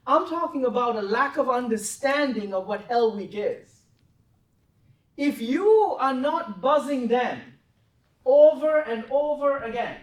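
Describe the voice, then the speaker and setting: A woman heading a trading desk, giving a blunt, profane, intense lecture that keeps pressing her listeners for answers. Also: high-pitched. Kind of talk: confrontational mentoring talk. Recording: roomy, from a distance.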